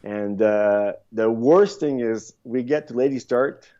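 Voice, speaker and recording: A man in his fifties, a podcast guest, telling rambling, animated stories in a casual interview, with frequent restarts. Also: mid-range voice, takes it slowly. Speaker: podcast guest, former luge athlete. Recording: dull lo-fi sound.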